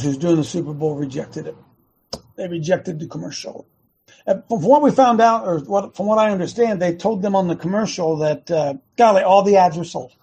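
A man hosting an online show, talking fast and emphatically, repeating words in bursts. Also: high voice, darkish tone. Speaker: host of an online activist show. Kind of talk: fast casual preaching talk.

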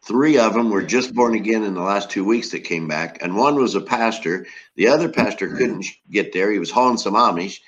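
A man's voice: fairly low pitch, fairly quick, hardly any pauses, muffled recording. A man who leads a home church group, telling the group an upbeat, rambling story in loose run-on sentences.

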